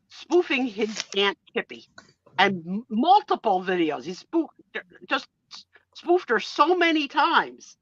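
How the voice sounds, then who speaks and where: A woman in her sixties hosting a casual live-stream chat, talkative and quick to laugh. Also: mid-range voice, no room sound, highs cut off. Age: 60s. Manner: chatty and animated, laughs easily. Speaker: host.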